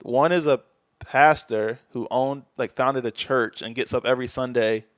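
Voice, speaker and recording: Guy on a podcast, smooth clear voice, dry close mic, thinks out loud and trails off. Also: medium pitch, fairly even intonation, normal speed, no echo. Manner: candid, reflective, trails off. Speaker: podcast guest. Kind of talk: casual chat.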